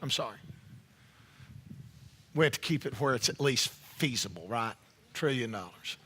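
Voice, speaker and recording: A male pastor preaching a sermon in an animated, conversational way, with playful asides to the congregation. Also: medium pitch, moderate pace, slight background noise.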